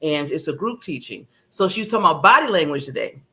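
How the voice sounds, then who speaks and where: Female co-host, casual chat, animated storyteller, laughs easily. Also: low voice, quick pace. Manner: animated storytelling, acts out quotes, laughs often.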